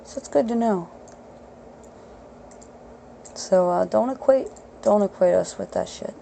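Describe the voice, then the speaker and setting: A woman's voice: medium pitch, a little slow, vocal fry, mellow, slight background noise, rough recording. A woman hosting her own podcast, ranting bluntly and profanely in an unscripted solo talk. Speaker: podcast host.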